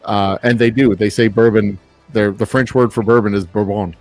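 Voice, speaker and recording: A man's voice: fairly low pitch, steady tone, normal speed, dry recording, faint music behind. Laid-back man from Texas chatting. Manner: laid-back, rambling, chuckles often. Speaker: distiller and show host. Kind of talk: casual live-stream chat.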